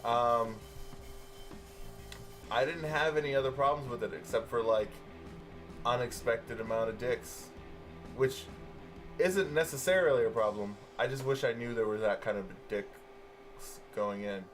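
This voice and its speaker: Relaxed, foul-mouthed male podcast host. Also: mid-range voice, measured pace, long pauses, soft background music. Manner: relaxed, swears freely, many fillers. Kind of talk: casual movie review chat.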